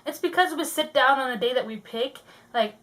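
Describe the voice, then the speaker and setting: Casting: high, bright-voiced young woman, giggly book vlogger, loose casual chatter. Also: a little fast. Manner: giggly, chatty, trails off with fillers. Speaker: co-host of a book channel. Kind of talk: casual chat.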